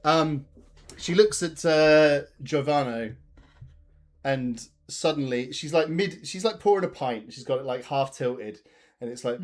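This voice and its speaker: Acting as the tabletop game's game master, a medium-pitched man narrates in a rambling way, with lots of pauses and restarts.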